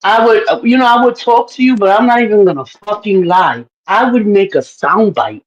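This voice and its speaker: A woman's voice: moderate pace, highs cut off. A woman chatting casually on a live audio panel, teasing, laughing a lot and swearing as she acts out quotes. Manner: laughing often, acting out quotes in animated pitch jumps; profane, teasing. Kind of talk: casual chat.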